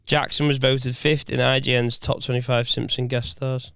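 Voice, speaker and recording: A man co-hosting a podcast, chatting loosely with friends. His voice is smooth and resonant, sitting mid-range. The sound is dry and close. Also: medium pitch, little pitch movement, normal speed, fairly bright tone, dry recording. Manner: storytelling, reads from a search result aloud. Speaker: podcast co-host. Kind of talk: casual banter among friends.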